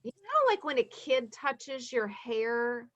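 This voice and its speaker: A woman's voice: on the high side, very animated, slow pace, a bit bright, lo-fi sound, slight background noise. A woman in a group sharing, talking in an effusive, chatty way full of filler words. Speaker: group participant.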